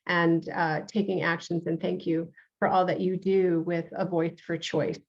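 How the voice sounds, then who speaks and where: A woman's voice: on the low side, level tone, a little slow, vocal fry, highs cut off. A woman with a New York accent hosting an interview show, earnest and full of uhs and restarts. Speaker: show host, reverend.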